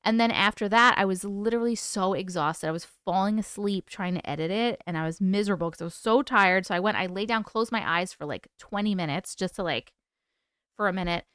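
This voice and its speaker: A tired woman hosting a live stream at home, chatting casually and warmly greeting viewers by name as she reads their comments. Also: medium pitch, fairly quick, clear, resonant tone, no echo, studio quality. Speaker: host.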